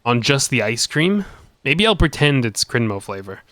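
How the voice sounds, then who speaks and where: A man's voice: medium pitch, sing-song, normal speed, fairly bright tone, no room sound. A man streaming a video game, playfully rambling and bantering with his chat and laughing often.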